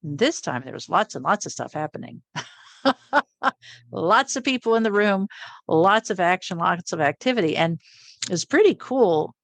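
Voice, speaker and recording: A middle-aged woman, an interview guest, telling a personal story in a lively way, often laughing and acting out what people said. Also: on the low side, moderate pace, gravelly, pauses often, dry recording. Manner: animated, laughs often, acts out quoted lines.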